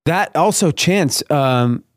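This guest, a clothing brand founder in his thirties from Granada Hills, Los Angeles, speaks in a slightly high voice and takes his time. He recounts his business journey in a relaxed interview, playing the voices of people he quotes with lots of animation. The sound is dry and studio quality.

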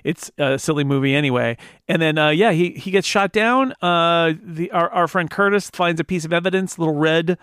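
A man's voice: on the high side, moderate pace, few pauses, a bit bright, clear, resonant tone, no echo. A man co-hosting a podcast, chatting casually about a film in a rambling, wry, self-correcting way on a close mic. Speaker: podcast co-host.

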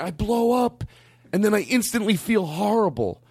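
A man, a stand-up comedian, telling a rambling story in casual chat, his voice leaping high when he acts out his own outbursts. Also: moderate pace. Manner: animated, jumps way up in pitch acting out his own outbursts; rambling with frequent restarts and asides.

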